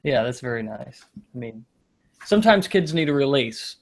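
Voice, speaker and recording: A man of middle pitch hosts a loose comedy show, joking his way through rambling stories. He wanders off his point and laughs at himself, keeping the banter casual. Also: lively intonation, normal speed. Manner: rambling, self-deprecating, loses his point. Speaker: podcast host.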